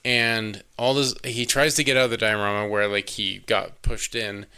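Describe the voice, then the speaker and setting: A man on a podcast excitedly walks through a horror film scene by scene, swearing freely and briefly acting out the characters' lines. His voice is bright and forceful, with a smooth, crisp clarity. The talk is loose and overlapping, a casual chat between co-hosts. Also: lowish voice, moderate pace. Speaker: podcast co-host. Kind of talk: casual movie recap chat.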